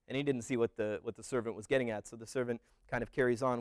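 A man tells a parable as an unhurried story. He rambles and restarts, and he leans on fillers as he goes. His voice sits at an ordinary middle pitch, recorded close and dry. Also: fairly even intonation, clean tone, no echo.

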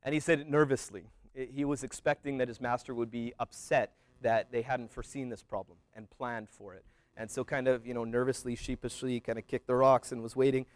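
A man retelling a parable as a story in a relaxed, rambling way, with many fillers and restarts. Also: medium pitch, a little fast, dry recording.

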